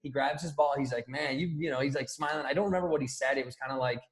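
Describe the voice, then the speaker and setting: A man from the Chicago area tells stories in a relaxed podcast chat. His voice sits at an ordinary pitch, and he acts out each person in his anecdotes. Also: fast. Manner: animated storyteller, acts out quoted voices. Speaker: podcast guest. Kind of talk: casual podcast storytelling.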